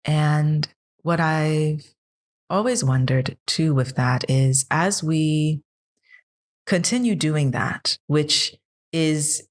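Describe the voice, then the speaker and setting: Thirty-something woman, really low voice, earnest podcast chat, keeps asking why. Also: extremely slow. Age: 30s. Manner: earnest, questioning, builds up in passion. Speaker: podcast co-host. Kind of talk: casual chat.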